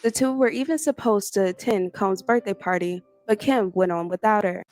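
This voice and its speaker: A woman's voice: medium pitch, normal speed, a little mellow. Woman reading a scripted narration.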